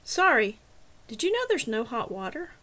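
A woman's voice: on the high side, sing-song, normal speed, fairly bright tone. A woman reading the lines of a young female dorm resident in a plain, matter-of-fact way.

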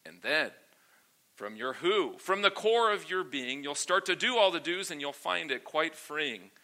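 A man preaching a sermon to a congregation, then reading his own rhyming poem aloud in an animated, sing-song way. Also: fairly high pitch, unhurried.

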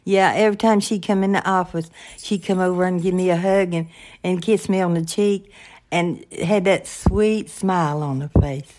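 A woman's voice: lowish voice, normal speed, a little mellow. Folksy older woman. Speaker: podcast co-host, the host's mother. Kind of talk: casual faith-based podcast chat.

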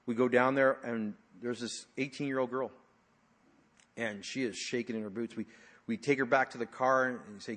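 A pastor preaching a sermon in a church, telling stories in a conversational way with fillers and sometimes dropping to a hushed voice. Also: male voice, mid-range voice, steady tone, moderate pace. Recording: long reverb of a large hall.

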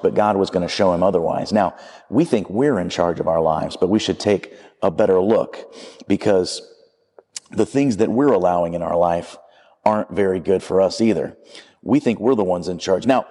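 A man's voice: sits low, moderate pace, mellow, husky, long reverb tail. A man preaching a sermon in a conversational, storytelling way, acting out the quotes as he goes.

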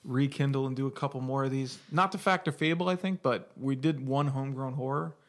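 A man's voice: medium pitch, fairly quick. A man co-hosting a podcast, chatting casually, joking and teasing, with some swearing. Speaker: podcast co-host. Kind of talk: casual chat.

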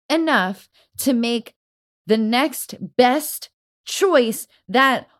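A young woman hosting a solo podcast, talking straight to her listeners in an upbeat, encouraging way. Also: fairly high pitch. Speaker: podcast host. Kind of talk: solo motivational podcast talk.

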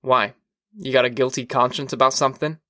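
A man doing a dismissive, gruff fire captain. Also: medium pitch, steady tone, a little fast, fairly bright tone, no room sound, clean studio sound, lightly acted. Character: gruff, confident middle-aged male fire captain. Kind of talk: audiobook reading.

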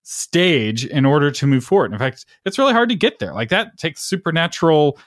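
A man's voice: a little high, sing-song, a little fast, fairly bright tone, no echo. A man with a mid-range voice that rises and falls a lot teaches in a preacher-like way and keeps checking in with his listener. The sound is close and dry, with no room around it. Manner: explanatory, preacher-like, checks in with "right?". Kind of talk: casual faith conversation.

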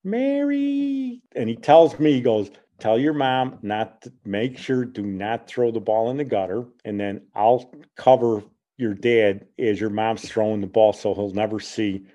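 Chatty guy in his 60s from around chicago, radio host telling stories, mellow voice. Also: lowish voice, a little slow, lo-fi sound. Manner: chatty, lively when amused. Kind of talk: casual storytelling.

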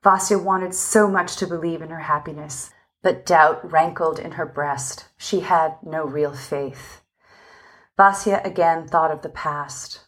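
Gentle woman reading a story aloud, low voice. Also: steady tone, unhurried. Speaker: audiobook reader. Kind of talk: scripted narration.

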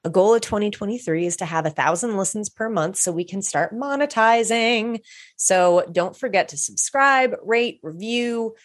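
A woman's voice: mid-range voice, dry recording, studio quality. A woman with a Southern US accent co-hosting a casual podcast, chatty and joking as she plugs the show. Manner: chatty, jokey, drawn-out plugs. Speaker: podcast co-host. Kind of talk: casual chat.

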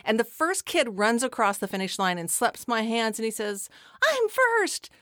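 A woman co-hosting a podcast, telling a personal story in a casual, animated way with some swearing. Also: on the high side, moderate pace, dry recording, studio quality. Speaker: podcast co-host.

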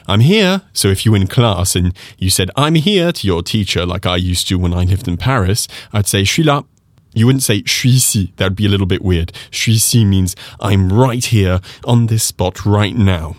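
A man teaching French pronunciation on a podcast, lively and animated, slowing down to repeat phrases for the listener. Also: fairly low pitch, no echo, studio quality.

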